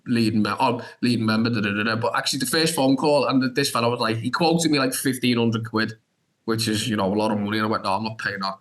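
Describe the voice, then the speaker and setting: The audio is poor as a young actor on a podcast spins an animated, rambling story, acting out his own reactions amid restarts and "da da da" filler. His medium-pitched voice is a bit bright.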